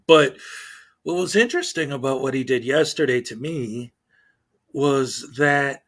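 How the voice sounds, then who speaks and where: A man hosting a casual livestream, talking in a loose, rambling way. He is chatty and full of ums and restarts, and his voice sits at an ordinary middle pitch. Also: fairly bright tone. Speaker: livestream host.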